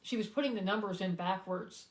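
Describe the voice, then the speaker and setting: A woman talking casually on a live stream, heartfelt and close to tears, pausing often with fillers. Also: medium pitch, rough recording. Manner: heartfelt, halting, many fillers, fighting back tears. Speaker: singer-songwriter hosting a live stream.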